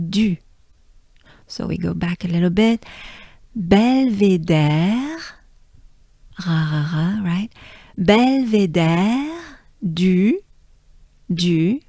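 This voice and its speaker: A native French woman with a French accent, coaching listeners through pronunciation, drilling sounds slowly with exaggerated vowels and soft asides. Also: mid-range voice, dry recording, clean studio sound. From France. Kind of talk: pronunciation lesson. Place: outdoors.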